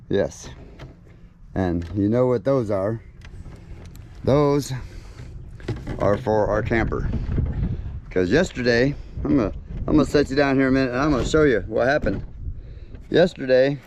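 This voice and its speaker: A man chatting casually to viewers on his homestead, folksy and quick to laugh. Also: mid-range voice, darkish tone, muffled recording, a little hiss or hum. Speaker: homesteading vlogger. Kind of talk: casual vlog chat to camera. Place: outdoors on a rural homestead.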